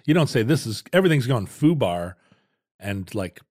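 A man's voice: medium pitch, big pitch swings, normal speed, darkish tone. A man co-hosting a casual comedic chat, a rambling storyteller who laughs often. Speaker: podcast co-host.

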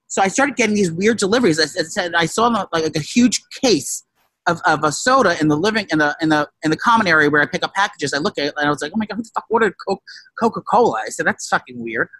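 A casual, profane storyteller who rambles with many restarts and shouted quotes. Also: male voice, fairly high pitch, fast talker, no echo. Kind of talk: casual chat.

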